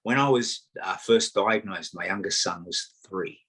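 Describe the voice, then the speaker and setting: An Australian man talking casually as an interview guest, an animated storyteller with self-mocking humour. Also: deep voice, a little slow, breathy edge, rough recording. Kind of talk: casual conversation.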